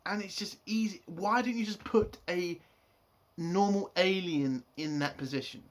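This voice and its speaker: A man's voice: high-pitched, unhurried. Exasperated, sweary man ranting. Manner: exasperated, swears a lot, rants. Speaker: TV episode reviewer. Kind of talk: casual spoken review.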